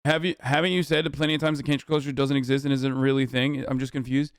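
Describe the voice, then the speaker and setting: A man's voice: medium pitch, level tone, quick pace, smooth, no echo, clean studio sound. A man streaming a heated reaction rant, swearing freely and mocking his critics with sarcasm. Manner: profane, sarcastic, exasperated. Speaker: streamer reacting to clips and chat.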